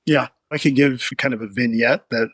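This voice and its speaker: A man's voice: mid-range voice, moderate pace, husky, no room sound. A man being interviewed, telling a client's recovery story in an earnest, heartfelt, rambling way. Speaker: addiction therapist, guest.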